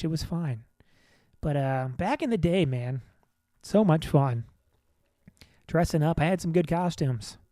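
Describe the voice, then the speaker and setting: A man's voice: fairly high pitch, dark tone, dry recording, studio quality. A man hosting a casual solo podcast, rambling in an offhand, self-deprecating way from the back room of a comedy venue. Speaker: podcast host.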